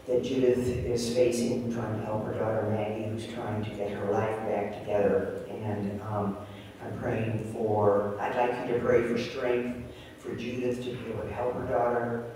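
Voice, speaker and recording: A man's voice: fairly low pitch, completely flat delivery, normal speed, dark tone, a little hiss or hum. A man in a congregation sharing a prayer request, earnest and a little hesitant. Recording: echoey hall, voice from a distance.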